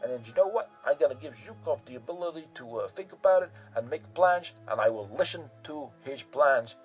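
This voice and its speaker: A man's voice: medium pitch, lively intonation, a little fast, husky, lo-fi sound, soft background music. A man voicing a crude, panicking male dictator handing over command, in a blunt, profane, casual way.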